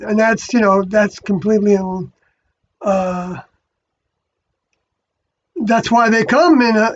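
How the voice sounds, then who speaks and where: A speaker giving a rambling spiritual monologue, halting and often stopping to correct themself. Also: medium pitch. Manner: halting, many fillers and restarts, self-correcting. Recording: dull lo-fi recording.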